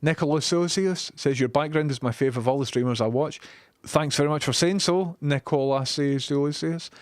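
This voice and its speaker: A man's voice: on the high side, normal speed, no echo. A young Scottish man chatting casually on a live stream from his home studio, joking and reading out viewer messages. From Scotland.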